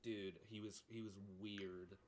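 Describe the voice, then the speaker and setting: A young man co-hosting a podcast, chiming in with quick agreements in casual chat. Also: lowish voice, level tone. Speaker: podcast co-host.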